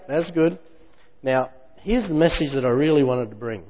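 A man preaching a sermon in a lively, conversational way with jokey asides. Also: mid-range voice, normal speed. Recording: muffled hall recording with long reverb.

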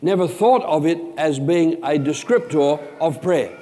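Man, pastor, sermon, emphatic, slightly high voice, hall reverb. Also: expressive, dark tone. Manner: emphatic, slows down to stress words.

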